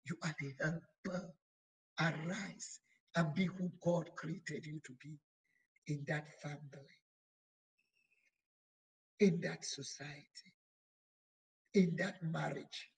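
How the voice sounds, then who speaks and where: A woman bishop with a low, steady, creaky and husky voice preaches in poor audio. Repeated phrases drive her emphatic exhortation, and she speaks slowly and deliberately, drawing words out.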